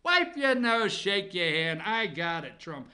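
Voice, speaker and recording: A man's voice: high voice, big pitch swings, a little slow, pushed and bright, pitched below the performer's own voice, exaggerated voice. A man doing a brash, swaggering impression of a boastful older male politician. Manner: swaggering, taunting.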